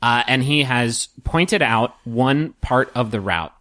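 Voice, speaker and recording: A man's voice: medium pitch, slow pace. A man hosting a podcast, reading listener messages and ads with self-mocking asides, then narrating a tabletop game as game master. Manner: relaxed, self-mocking aside-heavy delivery.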